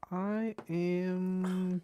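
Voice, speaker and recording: A man's voice: high-pitched, dark tone. A man playing a card game with a friend, answering briefly and groaning in mock dismay at bad draws. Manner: easygoing, short replies, mock dismay. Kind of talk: casual game chat over a call.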